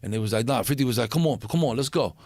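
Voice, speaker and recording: A man's voice: medium pitch, rapid-fire, no room sound. A man, telling stories in a casual interview, swearing freely and acting out the voices of the people in them. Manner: streetwise, profane, animated storytelling with acted-out quotes. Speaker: interview guest.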